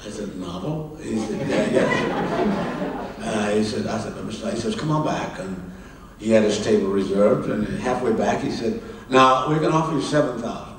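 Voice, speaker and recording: An older man from Kansas, a film director and author, tells anecdotes on stage in a halting way, repeating words and acting out the people in his dialogue. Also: on the low side, a little mellow. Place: large hall at a public event. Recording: echoey hall, distant mic, faint noise.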